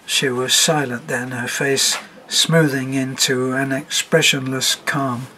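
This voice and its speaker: A man reading a story aloud as narrator, in a measured, even manner. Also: mid-range voice, a little hiss or hum, low-quality recording.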